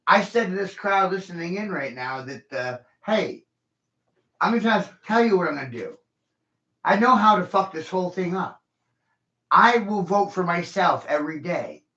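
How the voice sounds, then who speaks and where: A man's voice: high-pitched, animated, normal speed, sharp tone. A man ranting profanely and heatedly in a casual podcast chat. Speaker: podcast host. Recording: echoey, dull lo-fi room.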